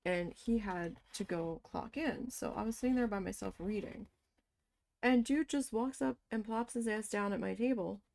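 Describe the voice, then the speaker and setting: A woman casually telling a story from her past, animated and swearing as she quotes her own shocked reactions. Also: mid-range voice, normal speed, creaky. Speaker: crafting vlogger.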